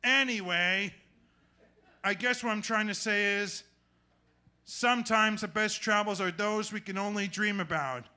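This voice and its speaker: High, bright-voiced man telling a story. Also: a little slow, smooth. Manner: earnest, simple phrasing. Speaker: storyteller performer. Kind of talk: short prepared monologue. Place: small club stage.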